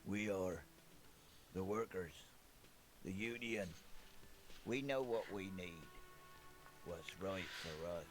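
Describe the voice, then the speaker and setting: A sleepy grumpy dock worker. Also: male voice, sits low, takes it slowly, long pauses, rough recording. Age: 30s. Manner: drowsy, grudging, matter-of-fact. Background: game music.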